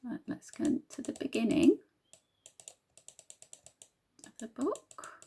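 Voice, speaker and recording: A woman teacher reading a picture book aloud to young children, slow and patient, sounding out words. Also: a little high, big pitch swings, gravelly, warm tone, slightly rough.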